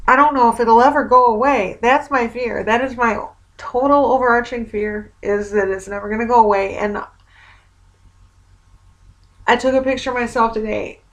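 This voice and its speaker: A woman's voice: on the high side, a bit bright. A woman recording a casual video diary, rambling in an exasperated, wry way. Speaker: vlogger.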